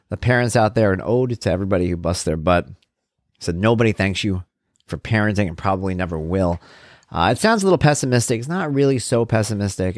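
In a studio-quality recording with no room sound, a man with a lowish voice delivers a casual, rambling monologue. He's a podcast host and parenting blogger, talking conversationally about parenting and his blog with a self-deprecating streak.

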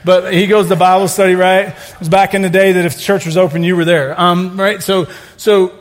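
A middle-aged male pastor preaching a sermon, telling stories with joking asides and building to loud exclamations. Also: sits high, flat delivery, brisk.

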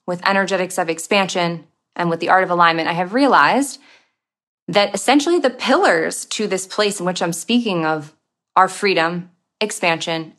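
A woman's voice: lowish voice, a bit bright. Candid, profane spiritual podcast woman. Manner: candid, profane, acts out inner voices. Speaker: podcast host. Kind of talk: spiritual self-help talk.

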